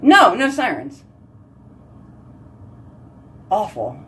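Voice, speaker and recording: A woman's voice: mid-range voice, expressive, unhurried, recorded from a distance. A woman hosting a casual live video chat, telling giggly stories and answering viewer comments. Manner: chatty, giggly storytelling. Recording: voice slightly off-mic.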